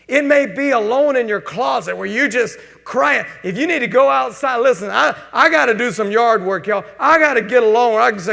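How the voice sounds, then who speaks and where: High gravelly preacher in a hall. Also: male voice, expressive, fairly quick, few pauses, a bit bright. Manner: preaching with quoted prayers and scripture, informal asides. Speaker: pastor. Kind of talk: sermon. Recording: long hall reverb.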